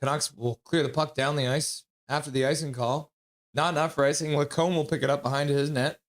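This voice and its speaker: Excitable man calling hockey play-by-play. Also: fairly high pitch, brisk. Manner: excitable, blunt, talks to chat viewers. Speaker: streamer doing fan play-by-play. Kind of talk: live hockey play-by-play with chat banter.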